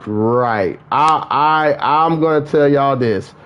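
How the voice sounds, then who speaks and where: A man chatting casually on a gaming livestream, excitable and profane, laughing often as he talks. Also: medium pitch, takes it slowly, clean tone, highs cut off. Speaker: gaming streamer.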